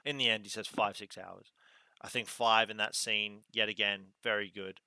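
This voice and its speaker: A man's voice: lowish voice, level tone, moderate pace, gravelly, crowd noise. A man from Australia, a podcast guest rambling through a casual episode breakdown and laughing often.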